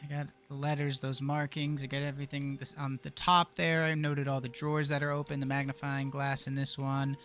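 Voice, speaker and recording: A man's voice: medium pitch, level tone, fairly quick, hardly any pauses, a bit bright. A young man casually commenting while playing a puzzle game, thinking aloud and muttering to himself. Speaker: gaming video creator. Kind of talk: casual let's play commentary.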